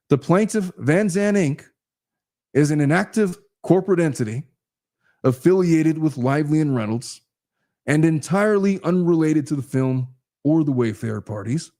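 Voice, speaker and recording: Male host, measured reader of court documents, warm mellow voice, casual asides. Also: a little high. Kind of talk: reading a legal complaint aloud with commentary.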